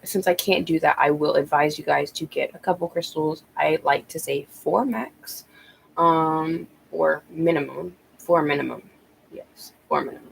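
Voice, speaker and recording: A woman's voice: low voice, gravelly, a little hiss or hum, rough recording. A woman tarot reader talking casually on a live stream, rambling with many ums and restarts, a bit out of breath.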